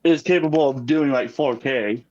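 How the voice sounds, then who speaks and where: A man's voice: mid-range voice, moderate pace, a little mellow, lo-fi sound, a little hiss or hum. A man calling into a live stream, talking casually and hesitantly with many ums. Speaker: caller. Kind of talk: casual call-in chat.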